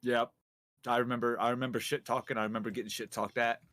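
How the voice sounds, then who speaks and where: A man's voice: mid-range voice, little pitch movement, fast talker, fairly bright tone, no echo. A young man co-hosting a casual gaming chat, teasing his co-hosts in a playful, mock-stern way. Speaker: podcast co-host.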